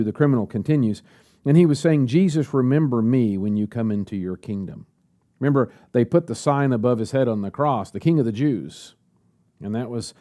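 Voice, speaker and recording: A man's voice: fairly low pitch, warm tone. A man preaching a sermon at a church service, asking the congregation rhetorical questions.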